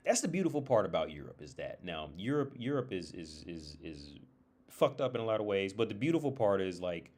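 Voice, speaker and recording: A man with a lowish voice tells a story on a casual livestream. He rambles, restarts his sentences and leans on filler words as he talks. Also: sing-song, moderate pace, darkish tone. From United States. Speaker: streamer and therapist.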